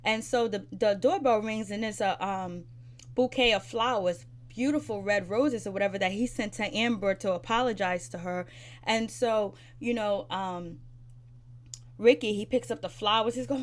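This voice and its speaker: A woman casually retelling a TV episode, chatty and loose, with many fillers and quick quoted lines from the characters. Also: medium pitch. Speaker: TV episode reviewer.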